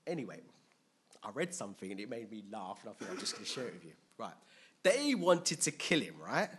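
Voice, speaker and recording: A man preaching a sermon, animated and storytelling, acting out scenes. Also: fairly low pitch, fairly quick, slight background noise.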